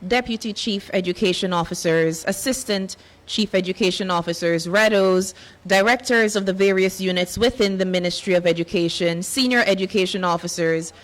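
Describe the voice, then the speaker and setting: A woman's voice: medium pitch, normal speed. A woman, serving as master of ceremonies, reading a long list of formal greetings and introducing the speakers. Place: conference hall.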